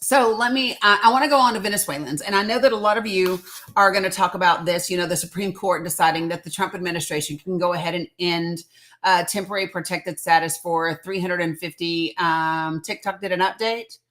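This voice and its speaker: A woman's voice: fairly low pitch, fairly quick, fairly bright tone. A middle-aged woman hosting a casual livestream from home on her phone, emphatic and chatty, repeating her points and greeting viewers by name. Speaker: livestream host.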